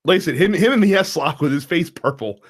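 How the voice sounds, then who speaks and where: A man chatting casually as a co-host, his pitch leaping around as he tells a story. He laughs a lot and keeps the talk loose and lively. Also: a little fast. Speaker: wrestling podcast co-host. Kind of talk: casual chat.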